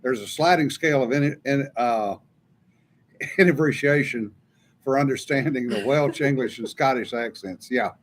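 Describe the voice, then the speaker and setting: A man's voice: mid-range voice, moderate pace, slight background noise. A man with a South Louisiana Cajun accent hosting a laid-back casual chat. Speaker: host.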